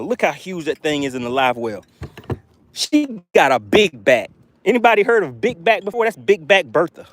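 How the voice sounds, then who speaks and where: Fishing-channel host, young man on a boat, hyped and playful, very lively pitch. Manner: animated, hypes viewers, playful made-up words. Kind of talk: excited live fishing commentary.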